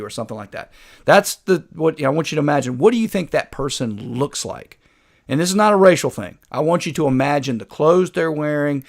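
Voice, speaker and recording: A man's voice: a little high, lively intonation, brisk. A man hosting a political commentary show, talking in a sarcastic, combative way. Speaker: host.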